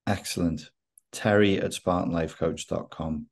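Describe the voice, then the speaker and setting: A male host with a very low, deep voice, leading a casual interview. His tone turns jokey and teasing with his guest. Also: fairly even intonation, normal speed.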